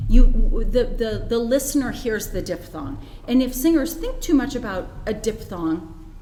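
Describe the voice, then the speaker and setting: Slow-spoken woman teaching choir vowels. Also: a little high, very animated, dark tone, reverberant, big-room sound, slight background noise. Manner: explanatory, demonstrates vowel sounds, many fillers. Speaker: choir conductor and workshop presenter. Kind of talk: webinar teaching.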